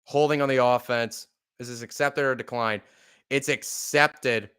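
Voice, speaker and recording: Smooth-voiced man calling plays live. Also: mid-range voice, a little slow. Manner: swearing, apologetic and upset, bursts of excitement on plays. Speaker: play-by-play podcast host. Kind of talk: live fan play-by-play commentary.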